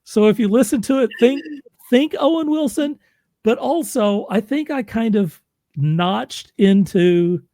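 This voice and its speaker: A man's voice: sits high, measured pace, warm tone, dry recording, clean studio sound. A man who narrates audiobooks, chatting casually as host, laughing often and restarting his sentences. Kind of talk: casual chat.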